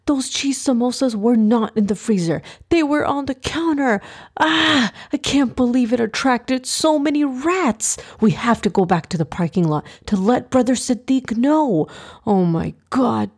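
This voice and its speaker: A woman voicing a frantic young boy who panics easily, with high-strung outbursts in a raised, breathy voice. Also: expressive, unhurried, darkish tone. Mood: panicked.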